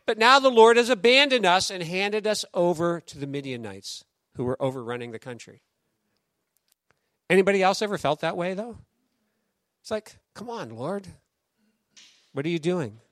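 A man preaching a sermon in a conversational, animated storytelling way, acting out quoted voices. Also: high voice, moderate pace, pauses often, no room sound, studio quality. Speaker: pastor.

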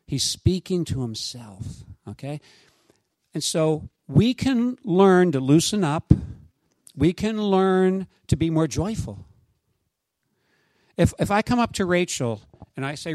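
A man preaching a sermon as pastor, in a conversational, animated way with asides to his congregation. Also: fairly high pitch, a little slow, no echo.

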